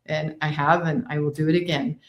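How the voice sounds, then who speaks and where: A woman's voice: low voice, little pitch movement, brisk. A woman hosting a podcast interview, sharing her own experience in an empathetic, reflective way. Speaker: podcast host. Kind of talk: conversational interview.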